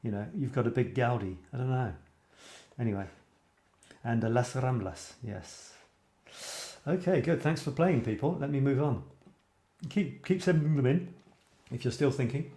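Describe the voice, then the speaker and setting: A man's voice: mid-range voice, moderate pace, pauses often, warm tone. Chatty man reading comments. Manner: chatty, musing aloud, frequent fillers and restarts. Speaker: host of a photography live stream. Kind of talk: casual live-stream chat reading viewer comments. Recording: roomy echo.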